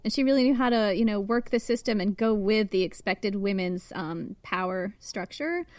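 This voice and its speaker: A woman's voice: medium pitch, moderate pace, a little mellow, dry recording. A woman guest on a podcast, explaining history with enthusiasm and knowledge, sometimes hedging with "um". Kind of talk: casual podcast interview.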